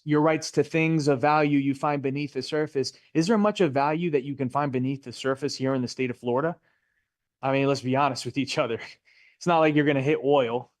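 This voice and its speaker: A man's voice: a little high, no room sound, clean studio sound. A middle-aged man teaching a live real estate license class in a Florida classroom, chatty and jokey, often quizzing his students.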